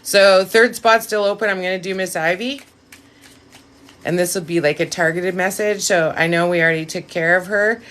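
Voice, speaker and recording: A woman with a raspy voice hosting a casual live stream, effusive and profane, giving blunt direct advice to viewers. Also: lowish voice, steady tone, normal speed, fairly bright tone.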